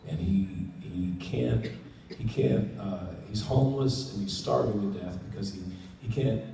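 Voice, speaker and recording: A man's voice: lowish voice, unhurried, creaky. An American man answering fan questions at a convention panel, telling stories casually and acting out quotes with jokes. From United States. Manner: relaxed, joking, acts out quotes. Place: large convention hall. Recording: echoey hall, distant mic, noisy.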